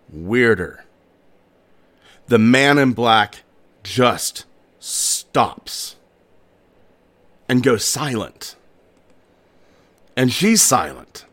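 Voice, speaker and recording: A medium-pitched, slightly bright male voice belongs to a podcast host recounting an odd story in a laid-back manner, with asides about himself.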